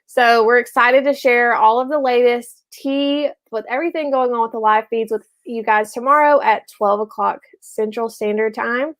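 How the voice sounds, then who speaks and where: Woman co-host, casual chat, slightly high voice, lots of ums. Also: fairly even intonation, fairly bright tone. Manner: chatty, with frequent ums and quick laughs. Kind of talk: casual live-show chat.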